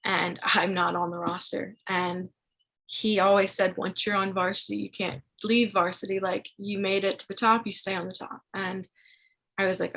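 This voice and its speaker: A woman's voice: medium pitch, level tone, normal speed, vocal fry, a bit bright, low-quality recording. A young woman telling her story as a podcast guest, chatty and casual, with many fillers. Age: young adult.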